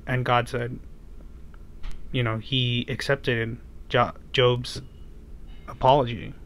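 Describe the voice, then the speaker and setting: A man preaches to children, casually retelling a story as a storytelling sermon filled with fillers and rhetorical questions for his listeners. His mid-range, slightly bright voice has little pitch movement, and he speaks slowly with frequent pauses.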